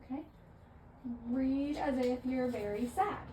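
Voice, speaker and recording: Mellow woman coaching a reader. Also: high voice, slow pace. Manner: casual, encouraging, uses filler "like". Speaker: reading coach. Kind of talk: giving reading instructions. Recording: echoey room with faint ambient noise.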